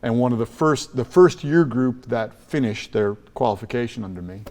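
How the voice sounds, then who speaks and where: American guy from chicago on a podcast, punchy storytelling, lots of restarts, mid pitch, long echo tail on the sound. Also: animated, moderate pace, darkish tone. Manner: emphatic storyteller, frequent restarts and repeated words. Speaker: guest, school trust leader. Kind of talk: podcast interview.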